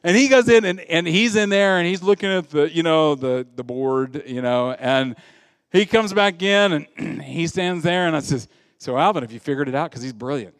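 A man's voice: a little high, moderate pace, clear, resonant tone, no room sound, studio quality, in a large hall. A male pastor preaching a sermon, telling stories with humor and acting out the voices of the people in them. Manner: animated storytelling, acts out quoted voices; humorous, self-deprecating asides.

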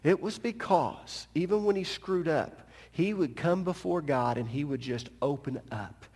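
A man preaching a sermon as pastor, telling a story with animated delivery and joking asides. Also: a little high, a little slow, breathy edge, long reverb tail.

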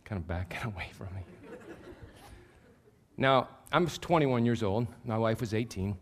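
A man in his fifties, a pastor, preaching a sermon through animated, self-deprecating personal stories that get loud at the punchlines. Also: lowish voice, unhurried, slight background noise. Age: 50s.

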